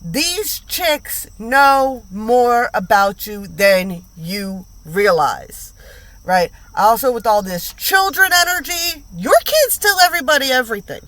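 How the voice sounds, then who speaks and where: A woman reads tarot in a casual, unscripted way, with a bright, sharp edge to her voice. She talks bluntly, piles up slang and swearing, and hammers her points home by repeating them. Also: fairly high pitch, animated, takes it slowly. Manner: emphatic, blunt, repeats lines for emphasis; slangy and profane. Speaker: tarot reader.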